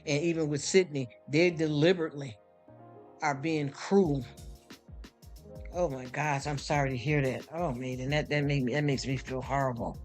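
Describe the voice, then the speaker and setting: Stream host, male, AAVE speech, emotional and sympathetic, higher-pitched voice, faint music underneath. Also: steady tone, moderate pace. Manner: emotional, sympathetic, repeats himself with many restarts. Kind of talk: casual live stream chat. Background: soft background music.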